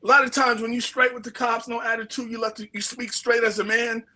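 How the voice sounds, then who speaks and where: A middle-aged man with a New York accent, telling his stories in a slangy, animated way and acting out what people said. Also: extremely high pitch, a little fast, rough recording. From United States. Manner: slangy and animated, acts out quotes. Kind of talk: casual storytelling.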